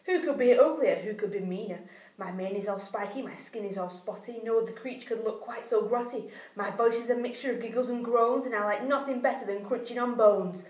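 A woman's voice: a little high, fairly quick, a little mellow, echoey room, distant mic, lightly acted. Woman reading as a mean boastful hyena.

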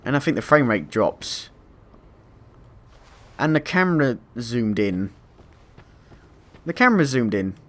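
A man commentating a game playthrough, excitable and swearing, quick to panic and laugh at himself. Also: mid-range voice. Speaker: gameplay commentator. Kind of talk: let's play commentary.

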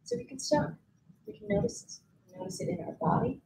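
A woman leads a mindfulness practice with a calm, gentle delivery, pausing often between phrases. Her voice is mellow, and her pitch rises and falls in lively swings. A faint hum of background noise sits behind her. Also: vocal fry, poor audio. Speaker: mindfulness instructor. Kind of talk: guided mindfulness teaching at a conference. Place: conference room.

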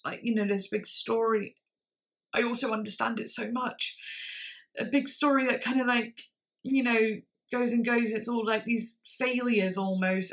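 A woman's voice: mid-range voice, a bit bright. A young woman giving casual reaction commentary on songs, effusive and emotional, with lots of filler words. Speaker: music reaction vlogger.

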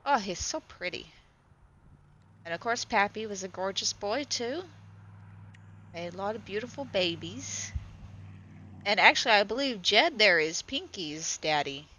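A woman with a bright, clear voice gives casual commentary on her goat-farm videos. She is chatty and affectionate, cooing over the animals as she talks. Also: mid-range voice, animated, a little slow, long pauses, a little hiss or hum, rough recording.

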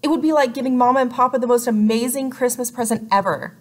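Woman voicing calm, take-charge eldest sister. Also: on the high side, fast talker, voice pushed up, lightly acted. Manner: calm, steady, takes charge. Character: thoughtful eldest sister, organized leader.

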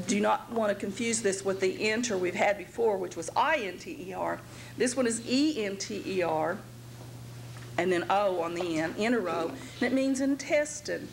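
Gravelly-voiced woman lecturing on anatomy. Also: medium pitch, slight background noise. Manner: methodical, spells out word parts and repeats terms. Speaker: anatomy instructor. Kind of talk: classroom lecture.

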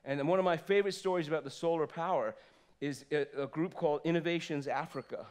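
A man in his fifties preaching a sermon in a church, swinging from loud exclamations to soft asides. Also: a little high, fast talker. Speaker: pastor. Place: church sanctuary.

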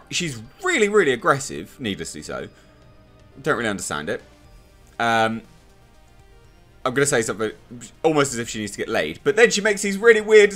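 A man's voice: mid-range voice, bright, forceful tone. A man giving a blunt, sarcastic, rambling spoken review of a TV episode. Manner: blunt, sarcastic, filler-heavy rant.

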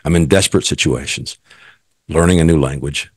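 A man's voice: a bass voice, fairly quick, husky, dry recording, studio quality. A middle-aged man, a guest, earnestly telling his personal faith story and quoting what others said.

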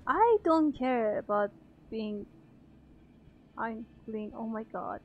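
A woman's voice: a little high, lively intonation, slow, phone-quality sound, a little hiss or hum. A young woman giving nervous, gasping commentary while playing a horror game. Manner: frightened, gasping, nervous laughter. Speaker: gamer streamer.

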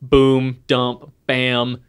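A man's voice: mid-range voice, monotone, extremely slow, smooth. A man in his thirties co-hosting a podcast, telling playful, rambling stories with plenty of fillers. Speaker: podcast co-host. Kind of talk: casual chat.

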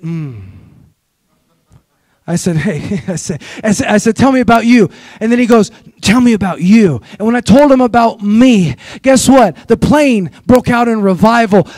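A man with a notably high voice preaches with urgent, repetitive exhortations. He leads his listeners in call-and-response. The sound is dry and close. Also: a little mellow, no room sound. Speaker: guest preacher. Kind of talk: sermon. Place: church sanctuary.

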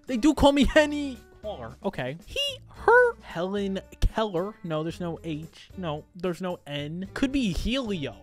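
A man's voice: high voice, moderate pace, few pauses, faint music behind. A young man hosting his channel, joking and talking to himself as he works through word puzzles. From Buffalo, New York. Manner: animated, joking, talks to himself while guessing. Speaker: channel host. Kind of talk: casual gaming commentary.

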